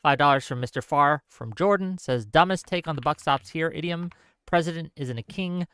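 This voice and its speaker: A man hosts a live stream, questioning the panel and rattling off paid messages in a brisk run. His voice sits on the high side, pushed and bright, with a clear, resonant tone. The recording is dry, with clean studio sound, and the talk is casual live-stream chat.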